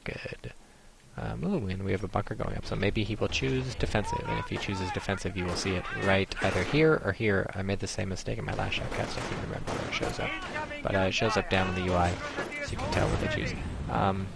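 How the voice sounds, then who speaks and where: Low gravelly man casting a strategy game. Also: sing-song, brisk. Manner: rambling, explanatory, many ums. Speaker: game commentator. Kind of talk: casual strategy game commentary.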